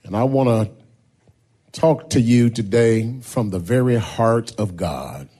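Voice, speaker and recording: A man preaching a sermon as pastor, drawing out key words slowly and building to loud, rising shouts. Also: mid-range voice, breathy edge. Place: church sanctuary.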